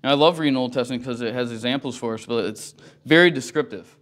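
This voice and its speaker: A man's voice: medium pitch, fast, a bit bright. A man teaching a Sunday school class in a church, talking through scripture in an earnest, conversational way. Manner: earnest, conversational, often says "you know". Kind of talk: casual Bible teaching.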